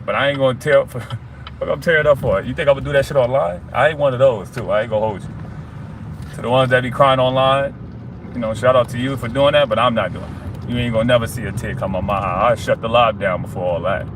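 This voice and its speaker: A man talking straight to his viewers in a streetwise, motivational way, a mid-pitched voice with steady confidence. He is outdoors near a street, and faint traffic hums behind him. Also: fast talker. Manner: streetwise motivational, repeats "you heard?". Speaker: fitness streamer. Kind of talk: casual livestream talk.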